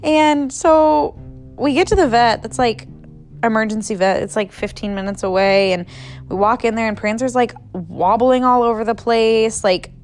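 A woman's voice: a little high, moderate pace, darkish tone, soft background music. A young adult woman casually telling a story on a podcast, filling her talk with "like" and swearing freely. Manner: chatty, heavy use of "like", swears freely.

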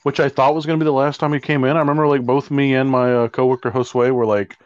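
A man's voice: medium pitch, flat delivery, fast, clear, resonant tone, dry recording. Man, casual chat, rambling, exasperated, swearing, slightly muffled recording. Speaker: co-host telling a work story. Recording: dry, slightly dull recording.

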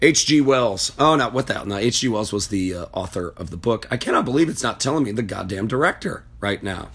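A man's voice: fairly low pitch, expressive, fairly quick, fairly bright tone, slightly rough. A man giving a profane political rant, blunt and heated, who rambles as he searches online at his computer. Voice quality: blunt and heated, swears freely. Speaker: political commentator.

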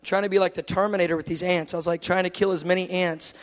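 A male preacher telling a humorous sermon story, animated and jokey, acting out the dialogue himself. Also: sits high, fast, long reverb tail.

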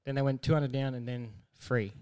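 A man co-hosting a casual podcast, telling a story with lively acted-out quotes and frequent laughter. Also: medium pitch, brisk, clean tone. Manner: animated storyteller, acts out quotes, laughs often. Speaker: podcast co-host.

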